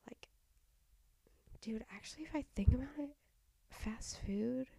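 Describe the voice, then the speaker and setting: A woman's voice: on the high side, measured pace, gravelly, mellow, slightly rough. A young woman with a stuffy nose hosting a casual solo podcast, rambling with half-whispered asides into a home mic. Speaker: podcast host.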